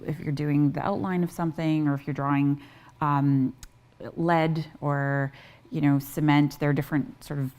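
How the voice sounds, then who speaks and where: A Canadian woman, an interior designer from Southern Ontario, chatting as a TV guest, telling stories in quick bursts with many restarts. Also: deep voice, level tone, a little mellow. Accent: Canadian English. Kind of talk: TV interview conversation. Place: TV studio.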